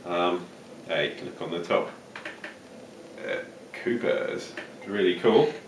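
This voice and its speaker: Chatty vlogger, male, hamming up a put-on Australian accent, low-pitched, recorded from a distance in a roomy space. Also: slow, slight background noise. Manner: chatty, jokey, rambling with fillers. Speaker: vlogger reviewing beer. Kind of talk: casual beer review vlog. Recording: roomy, distant home-video sound.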